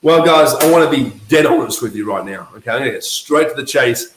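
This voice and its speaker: A man coaching network marketers in a motivational talk to camera, emphatic and lively, always checking in with his listeners. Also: mid-range voice, fairly quick, reverberant, slight background noise, poor audio. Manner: emphatic, keeps checking in with "okay?" and "right?"; lively, acts out quoted voices.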